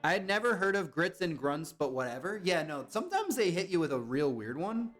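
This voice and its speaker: A man's voice: a little high, very animated, a little fast, a bit bright, soft background music. A young man chatting casually on a live stream, guessing along with his chat and reacting to their comments.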